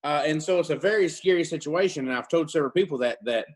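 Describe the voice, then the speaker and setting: A man in his thirties with a slightly high voice co-hosts a casual chat. He is blunt and plain-spoken. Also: fast. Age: 30s. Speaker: host.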